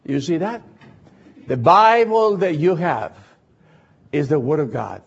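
An older man delivers a sermon in slightly higher-than-usual, husky tones. He speaks slowly and deliberately in non-native English, drawing out scripture for emphasis. The recording is dull and lo-fi. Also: sing-song. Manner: deliberate, slows to stress scripture. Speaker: preacher.

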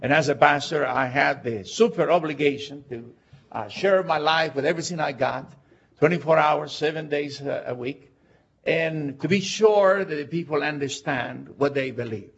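A man, a pastor, telling a story in a sermon, halting with fillers and then pressing hard with questions. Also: fairly high pitch, a bit bright, husky. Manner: hesitant with many fillers, rising to emphatic questions. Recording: dull lo-fi recording.

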